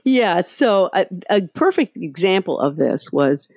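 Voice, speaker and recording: A woman's voice: on the low side, unhurried, no room sound, studio quality. Candid middle-aged woman telling stories. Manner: candid and animated, acting out past scenes. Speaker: guest, parenting educator. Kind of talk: casual storytelling in a podcast interview.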